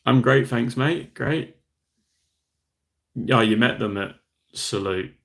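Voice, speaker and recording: A man's voice: medium pitch, takes it slowly, vocal fry, fairly bright tone. A young Australian man from Western Australia hosting a casual livestream, chatting easily and reading out and answering viewer comments. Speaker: livestream host.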